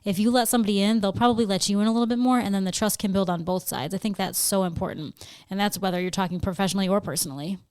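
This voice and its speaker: A woman's voice: mid-range voice, steady tone, rapid-fire, darkish tone, clean tone. A woman co-hosting a podcast who speaks sincerely and with emphasis, often repeating words. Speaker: podcast co-host. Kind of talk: candid podcast conversation.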